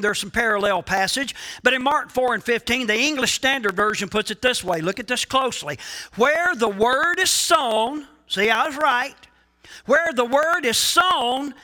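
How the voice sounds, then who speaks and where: A man preaching a sermon as pastor, emphatic, with rhetorical questions, asides and pauses for emphasis. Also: very high voice, sharp tone.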